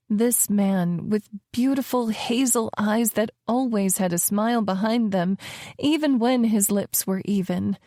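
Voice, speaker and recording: A young woman narrating a romance audiobook in the first person, slow and tender, at times near a whisper. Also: mid-range voice, warm tone, no room sound, clean studio sound.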